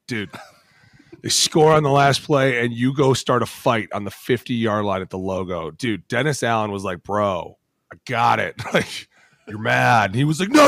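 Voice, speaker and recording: Excitable man telling football stories. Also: fairly low pitch, dry recording, clean studio sound. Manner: excitable, laughing, profane storytelling. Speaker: podcast co-host, former NFL lineman. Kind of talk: casual sports chat. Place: podcast studio.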